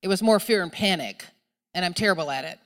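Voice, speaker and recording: A middle-aged woman preaching a sermon in a church, telling a story in a chatty way and shouting when she acts out a moment of panic. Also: lowish voice, animated, quick pace. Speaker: pastor. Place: church sanctuary. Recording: long hall reverb.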